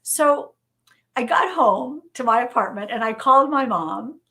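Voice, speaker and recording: A middle-aged woman, a journalist and novelist, telling lively anecdotes as an interview guest and repeating phrases for emphasis. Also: a little high, unhurried. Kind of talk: conversational storytelling interview.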